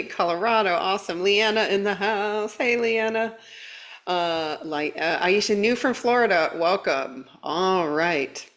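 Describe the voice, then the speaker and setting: Bubbly woman as a live-stream host, mid-pitched, animated, laughs often. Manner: bubbly, greets viewers by name, frequent laughs; animated, playful sound words, quick pitch jumps. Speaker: spiritual livestream host. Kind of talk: casual live-stream chat.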